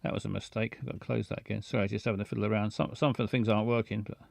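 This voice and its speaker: A man hosting a live show, chatting casually in a halting, playful way with many restarts and silly jokes. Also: on the low side, fairly even intonation, gravelly, no room sound. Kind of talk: casual rambling live chat.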